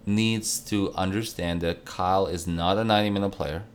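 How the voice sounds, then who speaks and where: A man's voice: low-pitched, steady tone, moderate pace, clean tone. A man from the Salt Lake City area co-hosting a casual sports podcast, emphatic and rambling, often repeating his words. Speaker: podcast co-host.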